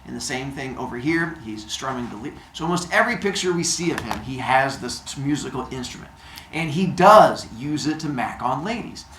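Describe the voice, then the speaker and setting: A man's voice: mid-range voice, animated, moderate pace, fairly bright tone, a little hiss or hum. A man hosting a show, retelling myths comically with goofy sound effects and silly noises. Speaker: storyteller host. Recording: roomy echo.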